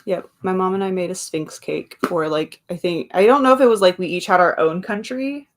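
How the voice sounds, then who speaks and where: A woman's voice: on the low side, fairly quick. Chatty woman hosting a live stream. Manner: chatty, laughs often, trails off into asides. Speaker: livestream host. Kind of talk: casual chat reading viewer comments aloud.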